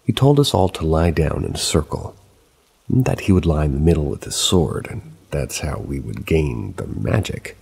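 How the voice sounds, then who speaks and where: A man calmly narrating a true paranormal story in a steady storytelling manner. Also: a bass voice, normal speed, gravelly, husky. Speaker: narrator of submitted paranormal stories.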